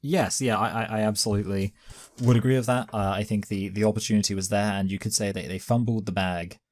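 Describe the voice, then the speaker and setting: A man's voice: on the low side, steady tone, fast talker, darkish tone. A man co-hosting a casual film review chat, making dry joking quips. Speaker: podcast co-host, film reviewer.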